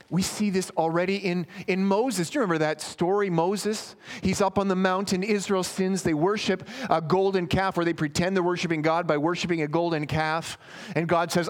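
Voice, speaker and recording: A man's voice: on the high side, moderate pace. A man preaching a sermon in an earnest, emphatic way, speaking directly to his listeners as friends.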